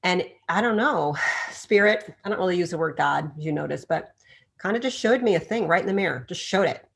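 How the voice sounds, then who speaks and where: Lively, low-pitched woman telling stories. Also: a little fast, vocal fry. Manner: animated storyteller who acts out quoted voices. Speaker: chiropractor guest. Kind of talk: podcast interview storytelling.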